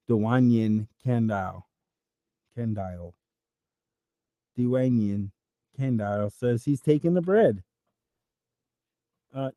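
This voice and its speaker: A man's voice: mid-range voice, mellow, dry recording, studio quality. A man hosting a livestream, reading chat and riffing through improvised comic rambles that swear freely.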